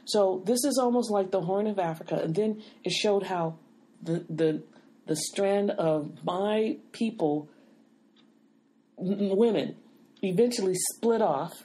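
A woman's voice: medium pitch, unhurried, dark tone. A woman hosting a casual podcast chat, holding the floor insistently and asking to finish her point. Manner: insistent, keeps the floor with "wait a minute". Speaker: podcast host.

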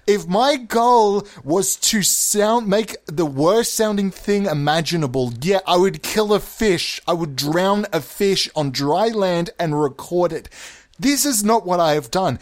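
A man hosting a comedy podcast, ranting in a theatrical, mock-offended way and over-enunciating his words. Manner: over-enunciating, sliding between exaggerated high and low voices. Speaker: podcast host.

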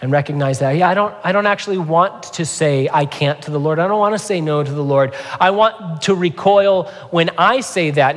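Pastor, male, slightly high voice, earnest conversational preaching, church hall echo. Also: normal speed, few pauses. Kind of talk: sermon.

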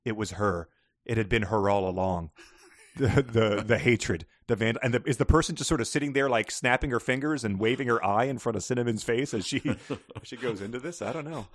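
A man's voice: medium pitch, brisk, no echo, clean studio sound. A man co-hosting a casual book-discussion podcast, wry and joking, often breaking into laughter. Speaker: podcast co-host.

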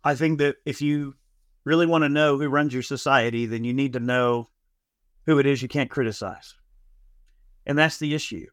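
A man co-hosting a podcast who makes his points in a measured, argumentative way. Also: mid-range voice, fairly even intonation, no room sound, studio quality. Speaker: podcast co-host. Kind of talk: casual opinion talk.

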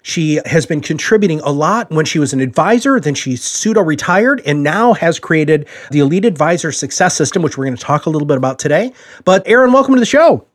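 A man hosting a podcast talks quickly and casually, with a fairly high voice. He chats through his introductions with loose fillers. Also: expressive. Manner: fast, chatty introductions. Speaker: podcast host. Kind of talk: podcast interview.

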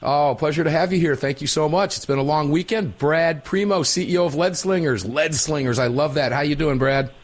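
A man's voice: on the high side, brisk, few pauses. A man hosting a talk radio show, brash and joking, tired after an overnight flight. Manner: brash, joking, repeats himself.

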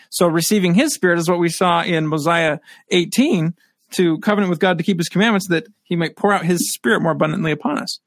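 High-voiced man teaching scripture, dry sound. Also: fast, no room sound. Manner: reads verses aloud then comments. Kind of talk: scripture study lesson.

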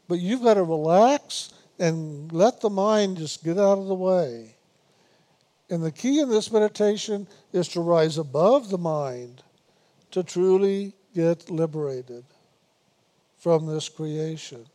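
A man with a high, mellow voice gives a spiritual meditation talk. He speaks slowly and repeats himself on purpose. He teases his listeners gently and laughs now and then. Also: expressive. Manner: unhurried, repetitive, gently teasing with laughs. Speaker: spiritual teacher.

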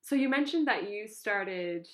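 A woman's voice: mid-range voice, animated, measured pace. Female host, casual chat, loose rambling questions. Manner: friendly, asks long rambling questions. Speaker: interview host. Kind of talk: casual interview.

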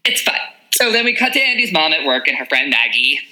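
A young woman co-hosting a podcast in casual chat, animated and quick to laugh, full of filler words. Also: deep voice, poor audio. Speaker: podcast co-host.

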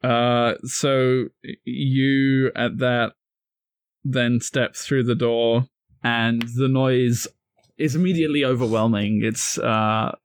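Male game master, easygoing scene narration, medium pitch, dry close mic. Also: slow, clean tone, no echo. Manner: relaxed, with fillers and laughs.

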